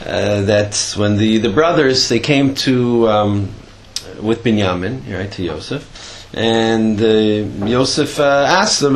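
A man's voice: fairly low pitch, slow, slight background noise. Man teaching a Torah class, storytelling. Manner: storytelling with many fillers and restarts; voice rises sharply when stressing a point.

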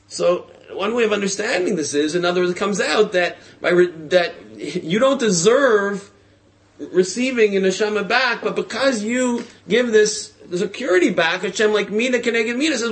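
A man teaching a religious class through a story, animated and acting out voices, with frequent fillers. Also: high voice, moderate pace.

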